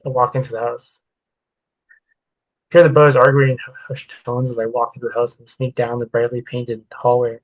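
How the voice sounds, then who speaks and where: A man reads his unfinished story aloud in first person, the pitch held flat and even throughout. He reads plainly, now and then tripping on a word and correcting himself. It sounds like an author sharing a draft rather than a polished narration. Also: moderate pace, highs cut off. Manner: plain reading with occasional stumbles and self-corrections. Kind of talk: reading a work-in-progress story aloud.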